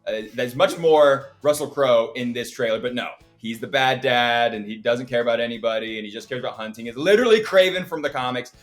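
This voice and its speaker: A man's voice: medium pitch, a little fast, few pauses. Scornful male podcast host, faint music behind. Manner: scornful, opinionated critique. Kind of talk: casual podcast chat.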